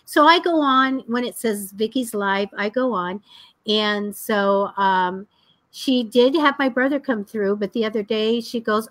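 A woman co-hosting a live psychic show. She chats casually, laughs often and talks in a blunt, lively way. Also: fairly high pitch, measured pace, no echo. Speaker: psychic co-host. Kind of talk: casual live-stream chat.

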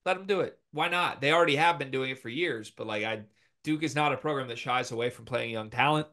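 A young man co-hosting a casual sports talk show, animated and opinionated as he ranks players, with the hiccups. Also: mid-range voice. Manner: animated, opinionated, quick rankings. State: has the hiccups. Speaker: podcast co-host.

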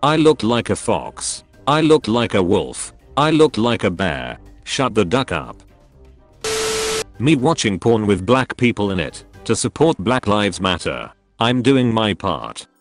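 A man narrating a meme compilation, reading captions aloud one after another with brisk jumps between jokes. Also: fairly low pitch, big pitch swings, music in the background.

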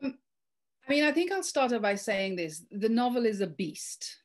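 A woman author reading her novel aloud in an expressive, measured way over a video call. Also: a little high.

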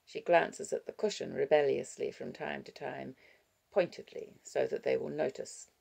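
A woman reads scripted narration for an audiobook in a low, gravelly voice, her delivery measured and expressive.

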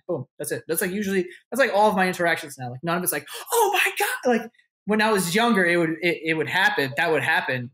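Here a young podcast guest with a somewhat high, slightly bright voice spins casual stories during an interview. He curses without holding back and performs the voices of the people he quotes.

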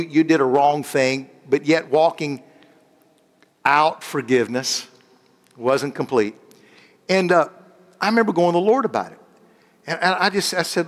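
A man preaching, animated, stopping to search for words and drawing answers from the congregation. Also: a little high. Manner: animated, call-and-response with congregation; rambling, restarts and searches for words. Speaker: guest preacher. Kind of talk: sermon.

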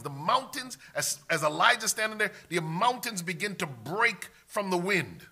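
A man preaching a sermon, emphatic, swinging from loud declarations to hushed asides and reading scripture in old-fashioned wording. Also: high voice, very animated, moderate pace, hardly any pauses, breathy edge.

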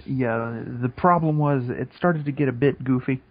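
A man's voice: medium pitch, normal speed. A young man co-hosting a podcast, talking in a profane, laid-back, joking way. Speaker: podcast co-host. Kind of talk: casual chat. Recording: dull lo-fi podcast audio.

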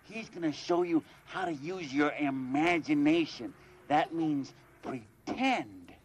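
An actor playing a huge, gentle, shaggy creature who talks slowly and softly. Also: male voice, a little high, animated, a little hiss or hum. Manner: slow, drawling, sleepy and soft.

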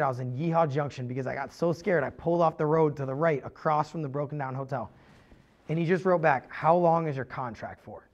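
A man in his thirties telling a rambling, animated story on a podcast, full of "like" and asides. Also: a little high, lo-fi sound. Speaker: podcast host. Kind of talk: casual storytelling.

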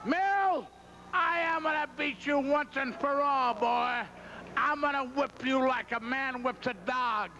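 A man's voice: very high-pitched, fairly even intonation, a little slow, sharp tone, a little hiss or hum. A man cutting a wrestling promo, brash and threatening, trash-talking his opponents, on muffled old TV footage. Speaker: pro wrestler.

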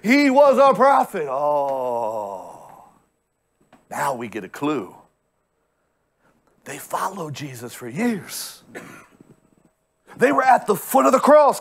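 Pastor guy preaching, highish voice, chatty and funny then yelling it out. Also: slightly rough. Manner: conversational preaching with humor and voiced characters, rising to shouts. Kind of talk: sermon. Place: church sanctuary.

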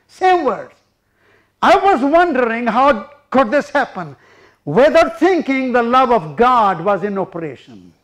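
High-voiced man preaching. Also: a bit bright. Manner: retells a story, acting out the speakers in it. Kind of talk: sermon testimony.

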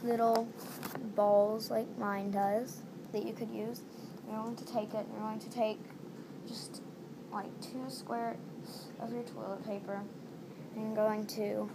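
In a noisy home recording, a woman with a creaky mid-range voice casually walks through a craft tutorial step by step, repeating each step as she goes.

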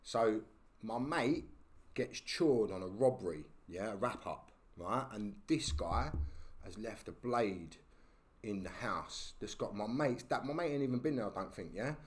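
A man's voice: on the low side, expressive, unhurried. A man with a London accent telling a story as a podcast guest, in slangy casual talk that keeps checking in with "yeah?". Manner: slangy, tags lines with "yeah?".

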